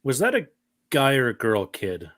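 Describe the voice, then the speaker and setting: A man's voice: mid-range voice, moderate pace, no room sound, clean studio sound. A man co-hosting a movie podcast, chatting casually and acting out scenes. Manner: animated, acts out scenes in quoted voices. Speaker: podcast co-host. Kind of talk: casual movie review chat.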